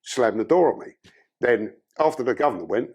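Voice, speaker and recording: Gravelly, husky man. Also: medium pitch, animated, a little fast, a little mellow. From London. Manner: blunt, profane storytelling. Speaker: podcast guest. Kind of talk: candid life-story interview.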